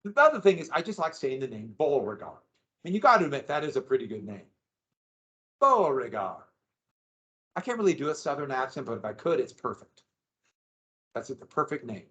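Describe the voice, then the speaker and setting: A man's voice: medium pitch, big pitch swings, fast talker, a bit bright. A man teaching a history lesson in a chatty, wry lecture style, with asides and dry jokes. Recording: echoey room, dull lo-fi sound.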